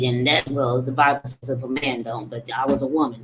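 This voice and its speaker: A woman's voice: a bass voice, fairly quick, hardly any pauses, slight background noise. A middle-aged woman giving a candid, emphatic motivational talk. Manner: candid, emphatic, animated in quoted retorts. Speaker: motivational speaker.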